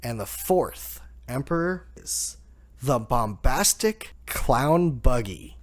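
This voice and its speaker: A man hosting a casual chapter review, relaxed, laughing often and saying "like" a lot. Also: mid-range voice, slow. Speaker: manga review host.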